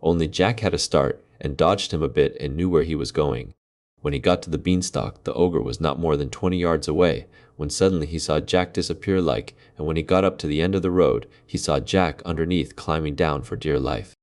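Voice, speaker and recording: A man reading a fairy tale aloud in measured, dramatic storybook narration. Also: rumbling low, a little mellow.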